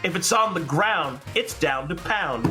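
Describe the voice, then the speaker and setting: A man doing a deadpan laid-back bro adventurer. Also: on the high side, music in the background. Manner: deadpan, slow and unbothered. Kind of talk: retelling a tabletop game.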